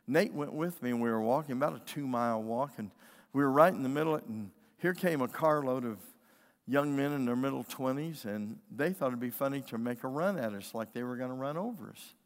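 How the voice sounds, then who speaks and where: Speaking a little fast at a medium pitch, this middle-aged pastor delivers a sermon full of emphatic storytelling, performing the quoted voices himself. He stands in a church sanctuary, and the long reverb of the hall fills the recording.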